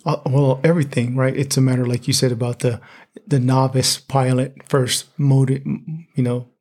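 Husky guy guesting on a faith podcast, laid back, lots of yeahs and rights. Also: medium pitch, normal speed. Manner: relaxed, short affirming replies. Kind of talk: casual faith podcast chat.

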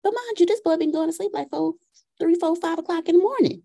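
A woman hosting a podcast, telling a casual story in an animated way and acting out a dialogue with her son. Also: very high voice, fast, vocal fry. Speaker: podcast host.

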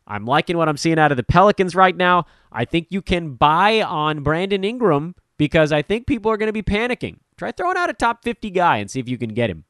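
A man hosting a fantasy basketball podcast, talking casually in an animated, rambling, blunt and jokey way. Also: a little high, a little fast, few pauses, no room sound, studio quality. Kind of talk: casual podcast talk with sponsor promo.

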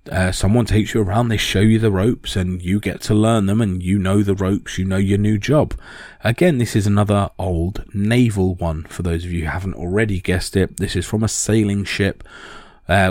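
A man's voice: fairly low pitch, darkish tone, no echo, clean studio sound. A man explaining in a casual, rambling talk with many ums and restarts.

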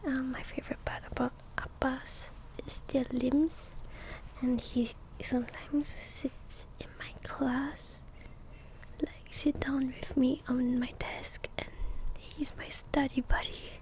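A young woman with a slightly raised, congested voice talks in soft-spoken ASMR, mostly whispering. She moves slowly and rambles, tagging "okay?" onto her thoughts. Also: high voice, flat delivery. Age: young adult. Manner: chatty, rambling storytelling with frequent "okay?". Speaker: ASMR creator.

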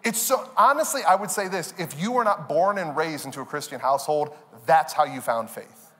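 A man giving a conversational sermon as a pastor, animated and joking with laughs. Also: on the high side, brisk, in a large hall. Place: church auditorium.

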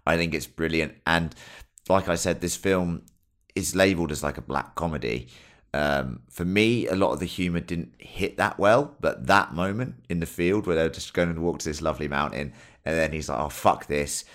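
A man's voice: rumbling low, moderate pace, a bit bright. A young man rambling enthusiastically, with some swearing, in a casual film review chat. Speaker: podcast co-host.

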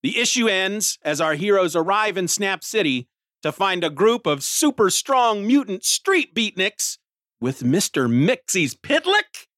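A man's voice: high-pitched, big pitch swings, a little slow, fairly bright tone, no echo, clean studio sound. Man casually recapping a comic. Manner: rambling, with restarts and short laughs. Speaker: podcast host reviewing a comic.

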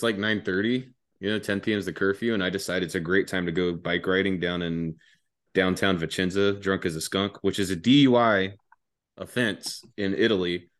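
Low-voiced young man, profane storyteller. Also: fairly bright tone, no room sound, studio quality. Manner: profane, laughing, rambling. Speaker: podcast guest. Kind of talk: casual storytelling.

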